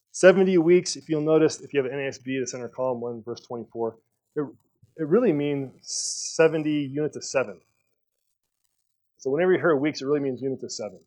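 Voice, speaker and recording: A man teaching a Bible study in a relaxed, conversational way, thinking aloud with fillers and restarts. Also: mid-range voice. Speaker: pastor. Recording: dull lo-fi sound.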